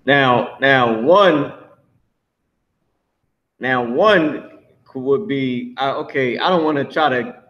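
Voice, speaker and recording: A man's voice: medium pitch, takes it slowly, pauses often, highs cut off. Slang-talking man teaching a language class. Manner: loose slangy explaining, repeats words to build a point. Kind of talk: casual live class teaching.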